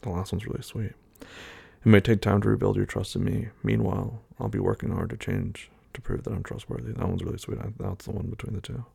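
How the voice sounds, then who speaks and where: A man's voice: lowish voice, steady tone, brisk, creaky, dark tone, husky. A man talking casually as he works through a quiz aloud, hesitating and musing between the options. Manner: thinking aloud, hesitant, muttering fillers. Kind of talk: casual talk, taking an online quiz aloud.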